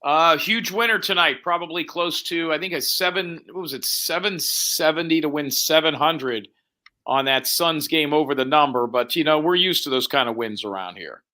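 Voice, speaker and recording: A man's voice: on the high side, normal speed, sharp tone. A man who is a guest on a casual livestream chat, laid-back and boastful. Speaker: guest, sports bettor.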